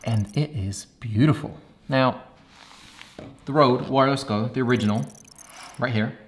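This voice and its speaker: A man's voice: on the low side, creaky. A man hosting a tech review vlog, talking with playful enthusiasm as he demonstrates gear. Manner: enthusiastic, playful demo talk.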